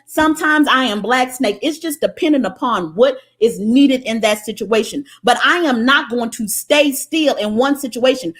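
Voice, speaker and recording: A woman from the United States hosting a livestream, preaching in a blunt, profane, impassioned way while she reads out viewer comments. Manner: profane, blunt and preachy, swinging from loud to low. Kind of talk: impassioned motivational livestream talk.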